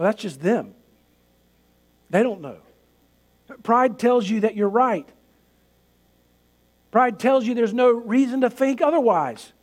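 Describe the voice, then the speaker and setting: A male pastor preaching a sermon in an earnest, emphatic way, building points through repetition. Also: very high-pitched.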